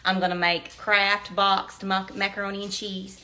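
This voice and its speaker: A Southern-accented woman in middle age demonstrates home cooking in her kitchen, speaking at normal speed in a sharp, mid-range voice with little pitch movement. Chatty and down-to-earth, she calls viewers y'all as oil sizzles and fries.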